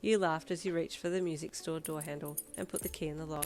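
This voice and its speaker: A woman narrating a fan fiction audiobook in a steady second-person storytelling manner. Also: sits low, fast, music in the background.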